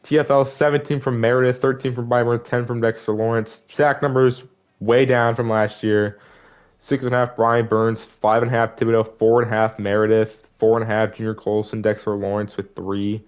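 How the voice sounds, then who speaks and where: A man's voice: medium pitch, level tone, moderate pace. A young man giving casual gameplay commentary, frustrated and disappointed as he rambles through season stats. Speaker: gaming video creator.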